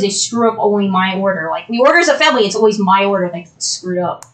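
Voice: mid-range voice, expressive, fast, fairly bright tone, low-quality recording. A young adult co-host of a podcast, chatting casually with friends while scrubbing a stain out of the carpet. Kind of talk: casual chat.

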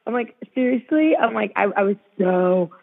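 A woman's voice: mid-range voice, moderate pace, creaky. A woman co-hosting a podcast, telling stories in casual chat and saying "like" constantly. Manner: animated storytelling, heavy use of "like". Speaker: podcast co-host. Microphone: call. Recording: tinny phone-line call.

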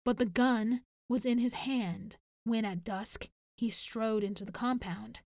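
A woman reading a science fiction story aloud in a measured storytelling manner. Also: on the high side, fairly even intonation, darkish tone, no echo, clean studio sound. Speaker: narrator. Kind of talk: audiobook reading.

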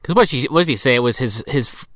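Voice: medium pitch, animated, fast, fairly bright tone, dry recording, clean studio sound. A podcast co-host giving wry, swearing commentary while recapping a movie in casual chat.

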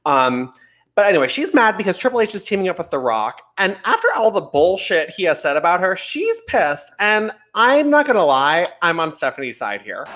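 A young man co-hosts a casual podcast chat. He is playful, laughs often and acts out quotes, and his pitch swings widely. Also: wildly swooping pitch, normal speed, fairly bright tone. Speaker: podcast co-host.

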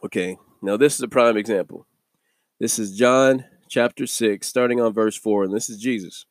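Guy w a lowish voice doing a chill bible devotional, chuckles here and there, dry close sound. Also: normal speed, dry recording. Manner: conversational, chuckles between thoughts. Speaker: devotional video host. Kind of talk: casual daily devotional teaching.

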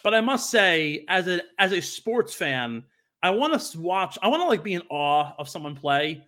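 A man's voice: sits high, very animated, moderate pace, sharp tone. A young man co-hosting a podcast, chatting casually and telling a story with lots of fillers and restarts. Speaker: podcast co-host. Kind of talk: casual chat.

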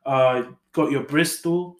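Male podcast host, casual chatter, mid pitch, echoey room. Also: takes it slowly. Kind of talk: casual chat.

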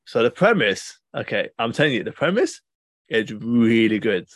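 A young man hosts a casual podcast chat, wandering through animated, rambling stories full of fillers and restarts. His voice sits at an ordinary middle pitch, and the recording is close and dry with no room sound. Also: normal speed, dry recording. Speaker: podcast host.

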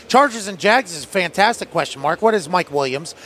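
A man's voice: high voice, lively intonation, a little fast, fairly bright tone. A man hosting a live sports talk show in a stadium, boisterous and profane as he runs through the games. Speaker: show host.

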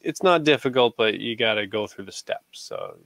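Gravelly-voiced man chatting casually. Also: on the low side, normal speed, no echo. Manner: relaxed, rambling storyteller with many fillers. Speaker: podcast co-host. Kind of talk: casual chat.

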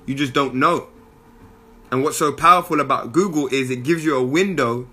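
A young man gives a casual motivational monologue, slangy and animated, full of asides. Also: medium pitch, moderate pace, slightly rough.

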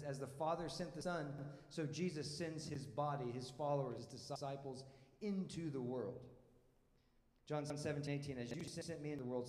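A pastor delivers his sermon in a conversational, emphatic style, asking questions and repeating words as he goes. His voice sits a little high for a man. It rings through a roomy church hall with a long reverb tail. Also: a little mellow.

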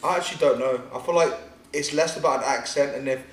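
A man's voice: medium pitch, fast talker. A man co-hosting a podcast at home, bantering loosely with lots of fillers. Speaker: podcast co-host. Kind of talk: casual chat. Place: living room of a home. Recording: roomy home recording with faint hiss.

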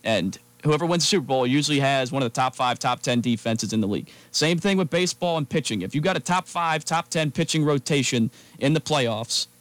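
A man co-hosting a sports talk radio show, giving emphatic, energetic opinions. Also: mid-range voice, a little fast, few pauses, no echo.

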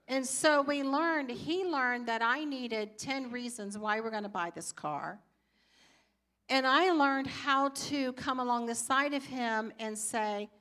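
A woman's voice: on the high side, normal speed, fairly bright tone. Older woman telling a personal church story. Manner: personal storytelling, acts out her own reactions. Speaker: pastor's wife teaching. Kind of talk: church teaching talk.

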